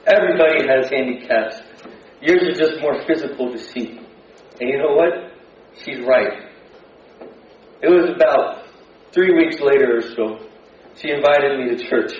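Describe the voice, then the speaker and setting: A man's voice: medium pitch, measured pace, a little hiss or hum. A man telling a personal testimony in church, earnest and building with emotion. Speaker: speaker giving a testimony. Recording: distant, dull sound in a very echoey hall.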